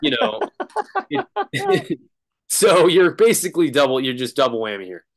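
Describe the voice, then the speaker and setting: A man's voice: on the high side, huge pitch swings, normal speed. A man, a drummer as guest, telling a rambling story in casual chat, laughing and restarting often.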